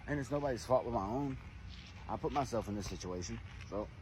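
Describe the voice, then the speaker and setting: A man's voice: medium pitch, a little fast, darkish tone, slight background noise, rough recording. A man speaking in a defeated, weary monologue about giving up. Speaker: TikTok poster. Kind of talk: despairing monologue to camera.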